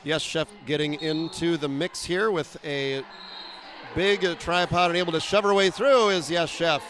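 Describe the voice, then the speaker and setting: A man's voice: fairly high pitch, fairly even intonation, fairly bright tone. Wry roller derby announcer, man. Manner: quick, wry, self-deprecating play-by-play with frequent "uh" fillers. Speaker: play-by-play announcer. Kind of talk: live sports commentary.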